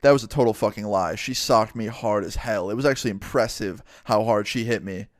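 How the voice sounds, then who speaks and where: A young man casually telling a storytime story to his viewers, animated and sprinkled with swearing. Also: on the low side, a little fast, no room sound, studio quality. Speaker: storytime vlogger.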